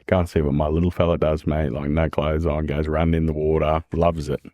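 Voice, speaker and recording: A man's voice: very deep voice, level tone, fairly quick, mellow, no echo, clean studio sound. An Australian man talking earnestly and candidly as a podcast guest, repeating phrases and calling the listener "man" and "mate". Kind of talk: candid casual conversation.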